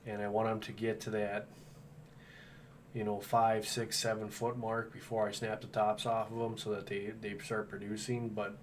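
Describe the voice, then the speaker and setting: A man's voice: lowish voice, monotone, normal speed. A man from Wisconsin hosting a homesteading livestream, talking in an easygoing, rambling way. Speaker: homestead channel host. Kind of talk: casual livestream chat. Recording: distant mic with faint background noise.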